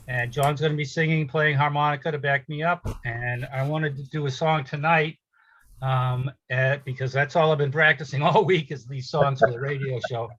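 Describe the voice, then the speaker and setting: A musician on a video call talks loosely about his upcoming performance. His voice is bright and sharp and sits a little high. He rambles, with plenty of ums and uhs. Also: lo-fi sound. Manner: rambling, filler-heavy. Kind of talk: casual chat.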